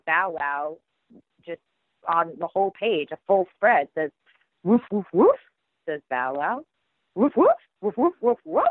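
Animated woman on a tinny phone line. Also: lowish voice, dry recording. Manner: animated, acts out children's voices while telling. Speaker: children's book author. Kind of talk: podcast interview answer.

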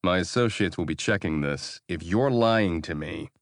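A man's voice: deep voice, moderate pace, dry recording, studio quality, close to an everyday voice. A man doing a cool, menacing operative. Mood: tense. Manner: clipped, controlled, menacing. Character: hard, cool-headed male operative. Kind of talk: audiobook character voice.

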